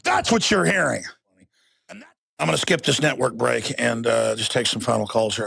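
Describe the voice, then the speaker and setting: A male radio talk host in full rant, his voice high-pitched and gravelly with a husky edge. He lurches between shouted tirades and low muttered asides, recorded dry and close on a studio broadcast mic. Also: expressive, normal speed, no room sound. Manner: ranting, swings from shouted outbursts to low muttering. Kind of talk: fiery on-air rant.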